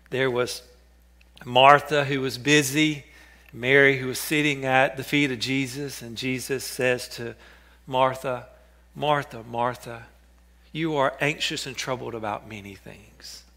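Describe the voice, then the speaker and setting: A man preaching a sermon in an earnest way, with a bright, forward tone. He repeats names and phrases and drops to a near hush for the quoted words of scripture. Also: medium pitch. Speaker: pastor.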